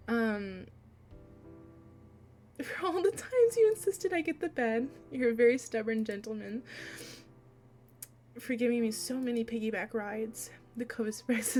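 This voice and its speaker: A young woman streamer reading a romance visual novel aloud, soft and unhurried, with frequent fillers and light laughs. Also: on the high side.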